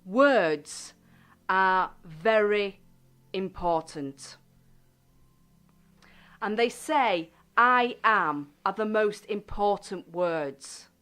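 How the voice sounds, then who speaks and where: A woman hosting a self-help radio show, speaking gently and deliberately and stressing key words. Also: medium pitch.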